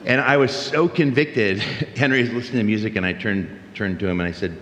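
A man's voice: on the low side, steady tone, brisk, a bit bright, lo-fi sound, a little hiss or hum. A middle-aged man preaching a sermon in a conversational way, telling stories with many fillers and restarts. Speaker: pastor. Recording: roomy hall reverb.

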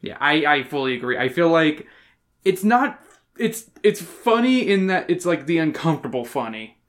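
Animated, swearing man co-hosting a podcast. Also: a little high, moderate pace. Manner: animated and profane, reads aloud dramatically. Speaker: podcast co-host. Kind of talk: casual chat.

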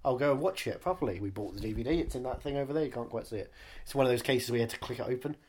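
A man's voice: mid-range voice, racing, a little mellow. A man in his late twenties, co-hosting a podcast in rambling, sardonic casual chat. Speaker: podcast co-host.

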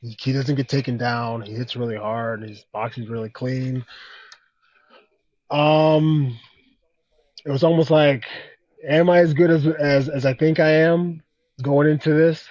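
A man as a podcast guest in casual conversation, halting and reflective, filling pauses with "man" and "you know.". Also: medium pitch, steady tone, a little mellow, no echo, muffled recording. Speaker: guest fighter.

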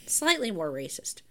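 A woman co-host from Ohio with a bright, lively voice that swings up and down a lot. She chats casually, laughs often and throws in dry side comments. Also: medium pitch. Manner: chatty, laughs often, wry asides. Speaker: podcast co-host. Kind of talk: casual chat.

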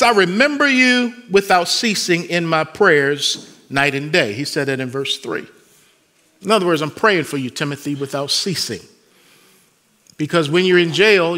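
A man preaching a sermon as pastor, moving between conversational asides and loud rising bursts. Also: a little high.

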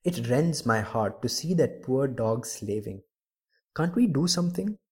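A man's voice: mid-range voice, expressive, a little slow, breathy edge. A man voicing a kind-hearted market ribbon seller who speaks earnestly. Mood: indignant. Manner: earnest, pleading.

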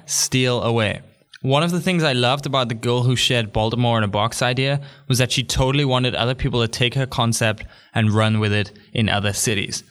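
Upbeat young male podcast host, chatty monologue with quick jokey asides, mid pitch. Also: a bit bright. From England.

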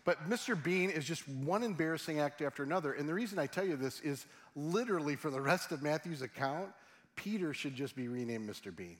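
A man's voice: on the high side, lively intonation, fairly quick. A middle-aged man preaching a sermon in a humorous, conversational way, often asking his audience questions. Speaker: pastor.

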